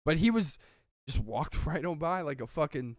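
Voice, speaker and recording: High-voiced man rambling in casual chat. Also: expressive, normal speed, no room sound, studio quality. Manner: rambling storyteller, heavy filler words and swearing. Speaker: podcast co-host.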